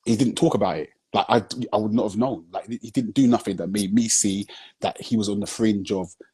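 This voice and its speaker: A man with a fairly low, mellow, husky voice and a brisk pace tells his story earnestly as a film director guest on a live video chat. Recorded through a phone on the stream, he often checks that you follow, leaning heavily on "you know what I'm saying".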